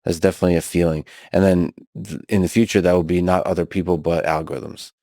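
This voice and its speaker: Deep-voiced reflective man. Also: steady tone, dark tone, dry recording, studio quality. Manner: reflective, halting with restarts. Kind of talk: casual discussion.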